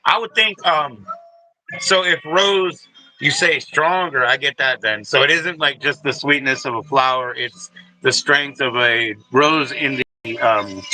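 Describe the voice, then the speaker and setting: A man's voice: mid-range voice, sharp tone, low-quality recording. A man hosting a casual livestream, talking loosely and profanely to viewers by name and rambling with lots of asides. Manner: loose and profane, talks straight to chatters by name; rambling, many fillers and asides. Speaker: livestream host.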